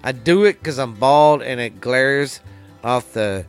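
A man's voice: medium pitch, slow pace, smooth, faint music behind. A man with a Texan accent hosting his own podcast from a home studio, talking in a rambling, folksy, profane way. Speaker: podcast host. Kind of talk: casual solo podcast chat. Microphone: studio mic, seen on camera.

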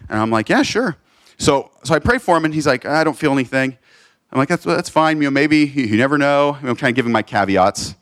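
Animated man telling a story. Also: a little high, quick pace, no echo, clean studio sound. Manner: animated, quoting others in voices, restarts often. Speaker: teacher. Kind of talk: casual storytelling testimony. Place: Lebanon.

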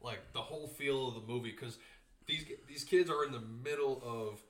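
A man's voice: mid-range voice, moderate pace. A man in a casual chat, laid-back, agreeing along and laughing. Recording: roomy with faint noise.

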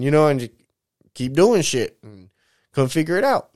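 A man's voice: a little high, sing-song, normal speed, a little mellow. A man in his mid-thirties talking in a casual, rambling vlog monologue, candid and emotional, drifting off topic, swearing freely and saying "man" at the end of many sentences. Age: 30s. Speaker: vlogger.

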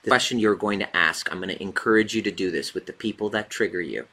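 A man's voice: sits low, quick pace, sharp tone, breathy edge. A man who works as a relationship coach, giving a casual motivational talk and driving his points home by repeating them. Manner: emphatic, repeats key points.

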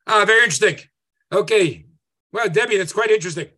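A man teaching an interactive online class as a rabbi, conversational and lively, often checking in with "right?". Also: high-pitched, fast talker. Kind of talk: interactive Zoom lecture. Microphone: video call.

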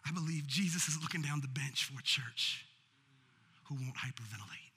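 A man's voice: mid-range voice, normal speed, sharp tone, breathy edge. A man preaching a sermon as pastor, building in intensity, with call-and-response. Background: faint keyboard music.

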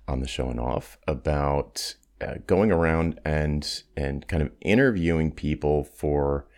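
A man's voice: very deep voice, unhurried, darkish tone. A man co-hosting a business podcast, asking curious, rambling questions in casual conversation. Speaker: podcast co-host.

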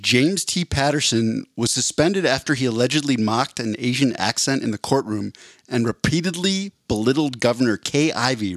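A man co-hosting a casual comedy podcast, delivering jokes deadpan and over-explaining punchlines. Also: mid-range voice, no room sound, clean studio sound. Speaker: podcast co-host.

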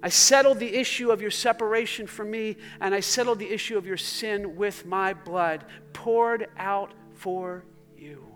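Jesus as a pastor reads him, gentle, reassuring, high bright voice, sermon. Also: male voice, measured pace, hardly any pauses, soft background music. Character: Jesus, calm man speaking tenderly. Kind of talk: sermon reading.

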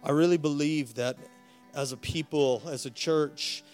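A man's voice: on the high side, fairly even intonation, measured pace, darkish tone, faint music behind. A male pastor preaching a sermon with rising passion, repeating words as he builds his point. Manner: impassioned, rising to emphatic preaching.

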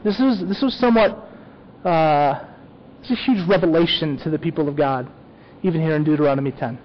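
A man's voice: fairly high pitch, fairly quick, lo-fi sound. A man preaching a sermon as a pastor, talking conversationally and often checking in with "okay?".

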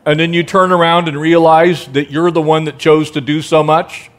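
A man preaching a sermon, asking the congregation rhetorical questions and now and then dropping to a soft, gentle tone. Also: fairly high pitch, flat delivery, normal speed. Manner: drops to a soft, gentle tone for quiet passages. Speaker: pastor.

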